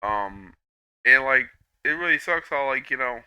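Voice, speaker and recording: A young man rambling through a personal monologue, halting with frequent restarts and repeats, swearing freely, on a dull lo-fi recording. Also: mid-range voice, expressive, sharp tone, clear, resonant tone, no echo.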